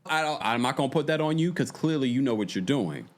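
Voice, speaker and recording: A man's voice: mid-range voice, fast talker, faint music behind. A man hosting a casual reality TV recap, exasperated and chatty, reacting to his viewers. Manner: exasperated, animated, chatty, talks to the chat. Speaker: podcast host.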